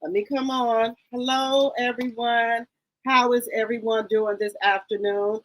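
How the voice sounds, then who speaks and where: Woman, higher voice, live-stream host, chatty, gossipy, excitable, repeats greetings. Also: a little slow, rough recording. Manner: chatty, greets viewers by name with repeated hellos. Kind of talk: casual live-stream chat.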